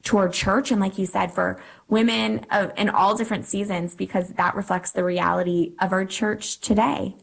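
A woman's voice: mid-range voice, fairly even intonation, moderate pace, vocal fry, hardly any pauses, breathy edge, poor audio. A woman who is a guest on a faith talk show, speaking earnestly and encouragingly.

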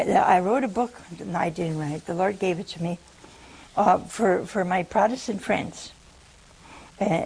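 A woman's voice: mid-range voice, creaky, darkish tone, a little hiss or hum, rough recording. A woman preaching a humorous teaching sermon, teasing and chatty as she talks straight to her listeners.

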